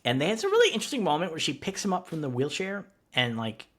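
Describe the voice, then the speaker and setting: A man co-hosting a podcast, retelling a TV episode in a rambling, animated way with laughs and swearing. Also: on the high side, quick pace, breathy edge. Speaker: podcast co-host. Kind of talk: casual recap chat.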